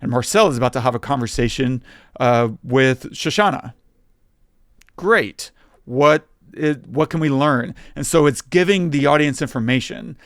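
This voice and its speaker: A man co-hosting a film review podcast, speaking as a writer who builds his arguments piece by piece. His voice sits at an ordinary middle pitch. It is recorded dry and close, with no room echo. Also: normal speed. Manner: methodical, builds points step by step. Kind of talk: casual film-analysis chat.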